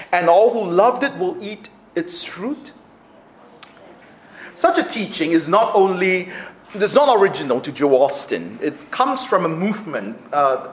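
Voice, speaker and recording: A man preaching a sermon, acting out quotes with laughs. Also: a little high. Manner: animated, acts out quotes with laughs. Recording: echoey room.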